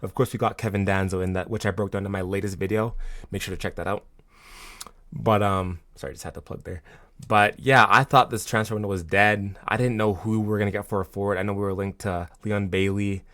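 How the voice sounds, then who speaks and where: A man hosting a football fan channel, talking casually and excitably with lots of fillers and restarts. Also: on the low side, brisk. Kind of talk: casual vlog commentary.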